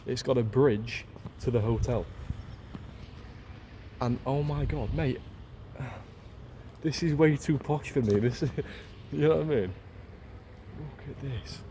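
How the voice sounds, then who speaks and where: A man's voice: medium pitch, slow, pauses often, warm tone, slight background noise. A man from Leeds with a Yorkshire accent, gushing in a casual travel vlog to a handheld camera and repeating his phrases. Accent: Yorkshire English. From Leeds, England. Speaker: travel vlogger.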